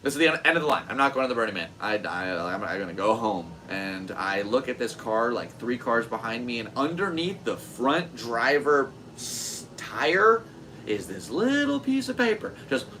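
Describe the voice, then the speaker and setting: A podcast host with a medium-pitched voice speaks at a moderate pace, with a little hiss or hum on a low-quality recording. He tells a story in casual chat, animated and swearing freely, acting out quoted voices.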